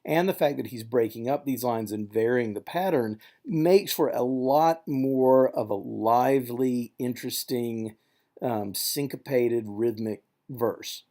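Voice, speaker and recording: A man talks through a lecture on poetry in a relaxed, unhurried way, pausing on fillers as he thinks aloud. His voice sits at an ordinary middle pitch with a mellow, dark tone. Now and then he taps out a rhythm with nonsense syllables. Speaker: literature instructor. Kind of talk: recorded classroom lecture.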